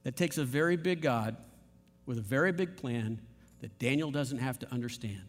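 A man's voice: on the high side, expressive, normal speed, in a large hall. A man preaching a sermon as pastor, emphatic and repetitive, with playful asides.

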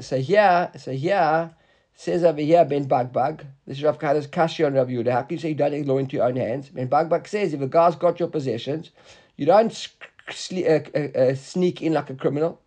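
Animated high-voiced man teaching Talmud. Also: brisk. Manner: animated, stumbling restarts, mixes Hebrew and Aramaic terms. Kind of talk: daily Gemara class.

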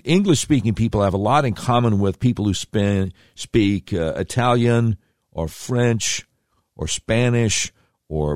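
Rich: A man with a low voice hosts a podcast, talking through the news with sarcastic, rambling commentary and slangy asides. The sound is dry and close, with no room echo. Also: a little mellow. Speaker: podcast host.

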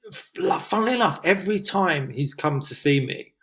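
A man's voice: a little high, lively intonation, brisk, fairly bright tone. A man, a comedian, chatting casually and rambling with many restarts. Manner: rambling, frequent restarts and "do you know what I mean". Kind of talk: casual podcast chat.

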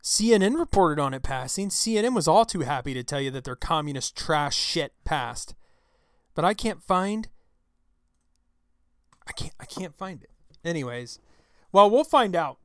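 Guy ranting on his show, swearing, yelling into the mic, dry close sound. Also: fairly high pitch, lively intonation, normal speed, dry recording. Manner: angry, profane, shouting outbursts. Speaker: show host. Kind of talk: political commentary rant. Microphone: close studio mic.

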